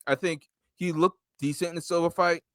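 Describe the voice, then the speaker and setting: A man co-hosting a casual sports podcast, animated and laughing, breaking his points into short bursts. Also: on the high side, brisk, no echo. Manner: animated, laughing, acts out quotes. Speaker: podcast co-host.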